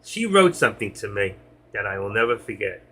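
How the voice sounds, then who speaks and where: A man's voice: lowish voice, sing-song, fairly quick, pushed and bright, a little hiss or hum. A middle-aged man on a live stream, talking to his chat in an emotional, rambling way and answering viewers by name.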